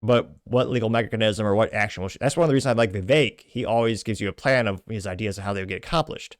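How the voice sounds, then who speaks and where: A man's voice: fairly low pitch, fast talker, no room sound. A man from Texas hosting a political commentary show, reading social media posts aloud and adding sardonic, dry asides.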